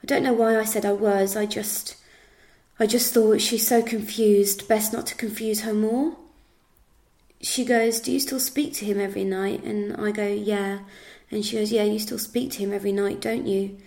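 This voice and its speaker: A woman's voice: medium pitch, flat delivery, normal speed, vocal fry, a little mellow. An English woman giving a first-person account of events, quoting what was said with frequent fillers. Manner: recounts events with reported speech, many fillers. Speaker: interviewee recounting events.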